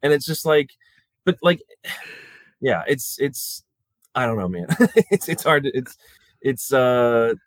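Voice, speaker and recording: A man's voice: medium pitch, sing-song, no echo. A man speaking as a guest in a casual conversation, restarting often and acting out quotes. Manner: halting restarts, acts out quotes.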